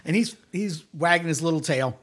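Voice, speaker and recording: A man's voice: on the high side, moderate pace, noisy background. A man narrating as game master of a tabletop game, giving playful, rambling descriptions.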